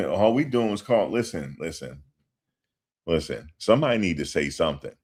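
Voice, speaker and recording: A man doing casual commentary on a livestream. He talks in an animated, slangy way and repeats himself for emphasis. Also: low voice, normal speed, breathy edge.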